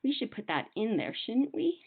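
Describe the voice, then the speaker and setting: A young adult woman teacher explaining poetry to children in a patient, sing-song way, slowing down to sound out words. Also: fairly high pitch, sing-song, vocal fry, slightly rough. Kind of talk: recorded classroom lesson. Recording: phone-like narrow sound.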